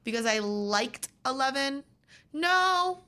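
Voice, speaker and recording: A young American woman talks on a radio show in an animated, rambling way, jumping into little acted-out quotes. Her voice is bright and forceful, sitting a bit high for a woman. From United States. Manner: animated, rambling, jokey, quick to act out quotes. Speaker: guest. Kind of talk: casual radio chat. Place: radio studio.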